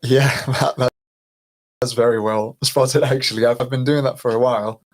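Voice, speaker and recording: A man's voice: medium pitch, steady tone, normal speed, rough recording. A man from Greece chatting casually on a podcast, rambling and laughing a little as he talks. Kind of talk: casual chat.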